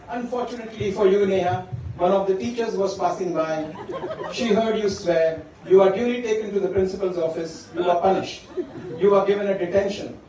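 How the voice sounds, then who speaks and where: This wedding speech comes from a middle-aged man with a high voice, the bride's father, who tells warm anecdotes about his daughter and keeps pausing to call her by name. It was recorded far away in a large function hall full of echo, where the crowd sounds faint and guests can be heard laughing.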